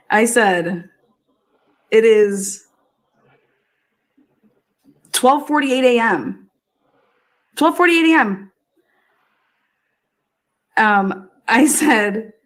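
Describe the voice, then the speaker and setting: A woman hosting a true crime livestream, ranting in crude casual talk and cackling often. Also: a little high. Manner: loud, swearing, cackling often. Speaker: true crime streamer host. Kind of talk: profane casual livestream rant.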